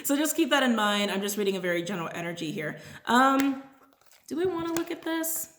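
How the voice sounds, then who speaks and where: A woman's voice: fairly high pitch, big pitch swings, brisk, fairly bright tone, echoey room, slight background noise. A woman giving a casual, rambling tarot reading to her viewers, often tagging her points with "right?". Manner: chatty and rambling, with frequent "right?" asides. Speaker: tarot reader.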